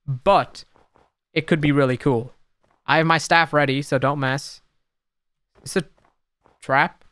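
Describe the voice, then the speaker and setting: A young man giving casual, excitable gameplay commentary, talking to the creatures on screen and swinging between muttering and sudden shouts. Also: a little high, slow, clean tone, no room sound, studio quality. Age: young adult. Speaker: gaming YouTuber.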